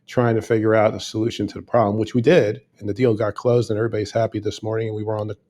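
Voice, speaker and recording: A man's voice: lowish voice, level tone, racing, darkish tone. A man in his fifties with a New York accent, a guest in a casual podcast interview who talks emphatically and restarts with repeated words. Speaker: guest attorney.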